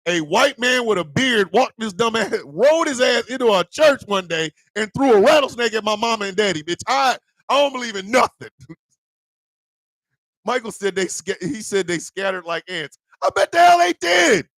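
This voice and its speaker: A male host in a profane, loud comedic live-stream rant who laughs often. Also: sits high, animated, moderate pace, dry recording.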